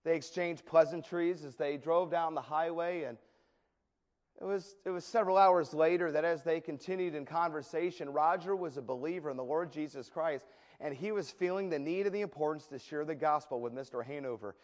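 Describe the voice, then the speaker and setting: A male preacher telling a story in a sermon, animated and often repeating words as he goes. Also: on the high side, a little fast. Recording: echoey hall with long reverb.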